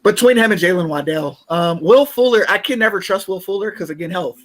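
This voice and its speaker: A man co-hosting a casual sports podcast, relaxed and chatty, sometimes tripping over his words. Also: high voice, fairly quick. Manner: relaxed, chatty, laughs easily, stumbles on words. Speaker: podcast co-host. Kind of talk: casual sports talk, mock draft.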